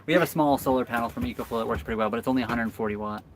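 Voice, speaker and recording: A man's voice: medium pitch, very fast, noisy background. A man hosting a live stream from his sailboat, chatting casually and answering viewer comments. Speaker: boat vlog host.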